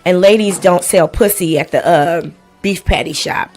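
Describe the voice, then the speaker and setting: A woman's voice: fairly low pitch, normal speed, faint music behind. A woman hosting a live stream, reading and commenting on a lawsuit in a blunt, profane and sarcastic way.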